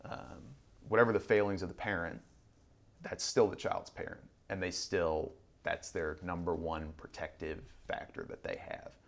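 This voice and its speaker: Deep gravelly man telling stories. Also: flat delivery, moderate pace. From Southern Illinois. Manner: rambling storyteller with frequent ums and restarts. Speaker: guest. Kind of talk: conversational podcast interview.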